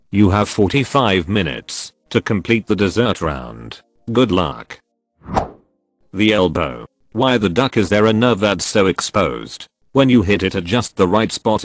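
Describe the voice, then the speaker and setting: A man narrating online posts in a flat, evenly paced scripted read. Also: lowish voice, unhurried, dry recording. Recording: faint music behind.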